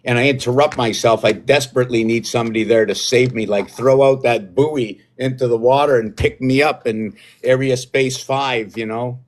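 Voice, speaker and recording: A man talking alone on a live stream in a mid-range voice. He rambles from one idea to the next, gets excited, and drifts off his own point. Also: mid-range voice, normal speed, few pauses. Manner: meandering, excitable, loses his own thread. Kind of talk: rambling solo livestream talk.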